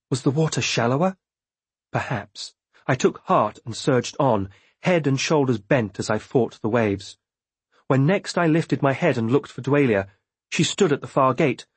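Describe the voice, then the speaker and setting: Man, audiobook narrator, husky, dry close sound, measured first-person storytelling. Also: mid-range voice, no room sound.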